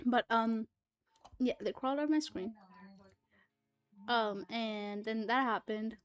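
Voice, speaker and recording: A young woman livestreaming, telling a rambling, animated story full of fillers, swearing and laughter. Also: fairly high pitch, takes it slowly, clear, resonant tone. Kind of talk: casual storytelling chat.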